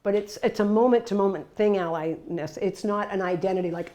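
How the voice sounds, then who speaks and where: A woman's voice: mid-range voice, fairly quick, few pauses. A woman presenting a talk to workers in a conversational, emphatic style, often adding tag questions. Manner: lively storytelling with sudden bursts of loudness. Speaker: workshop presenter.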